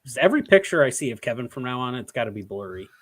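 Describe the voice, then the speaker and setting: A man's voice: mid-range voice, big pitch swings, very fast. A young man co-hosting a podcast in casual chat, teasing, laughing often and drawing out his punchlines. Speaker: podcast co-host.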